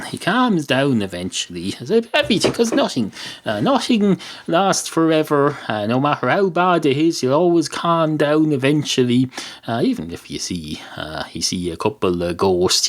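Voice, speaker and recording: An Irish man hosting a podcast, delivering a rambling, sweary comic monologue. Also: fairly low pitch. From Ireland. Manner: ranting, sweary, rambling with many uh fillers. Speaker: podcast host.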